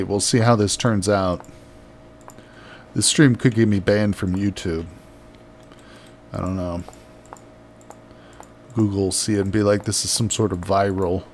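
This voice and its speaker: Reading viewer messages aloud and laughing frequently, a man keeps up relaxed chatter as he builds during a live game stream. His voice sits low, with a bit of noise in the background.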